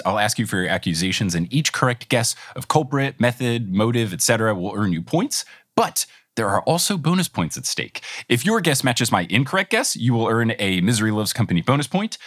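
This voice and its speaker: A man's voice: medium pitch, fairly bright tone, no echo, studio quality. A man hosting a playful podcast game, recapping cartoon mysteries in a chatty, joking way and often breaking into giggles. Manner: giggly, chatty, jokey storytelling. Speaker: game show host.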